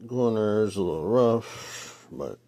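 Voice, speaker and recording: A man's voice: lowish voice, lively intonation, takes it slowly, warm tone. A man, a grandfather, telling a rambling story about his card collection in a casual vlog, with many fillers.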